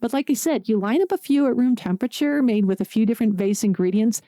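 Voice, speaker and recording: A woman's voice: a little high, quick pace, dark tone, dry recording, clean studio sound. A woman from Pittsburgh hosting a solo podcast, talking in a chatty, conversational way with jokey asides. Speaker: podcast host.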